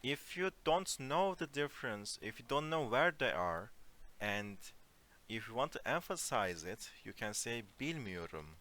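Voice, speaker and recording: A man teaching an online Turkish lesson in English, explaining phrases slowly and giving spoken examples. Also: medium pitch, sharp tone. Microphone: computer mic on a voice call.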